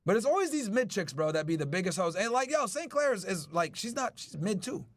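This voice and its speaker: A man's voice: sits high, big pitch swings, a little fast, no echo. A male podcast host in casual chat with his live chat, brash and profane. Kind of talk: casual chat reacting to news.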